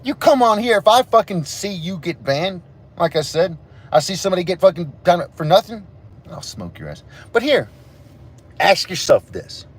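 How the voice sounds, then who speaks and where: A man's voice: high voice, big pitch swings, moderate pace, slightly rough. A man hosting a livestream, ranting angrily and profanely at his chat. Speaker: livestream host. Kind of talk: angry livestream rant to chat.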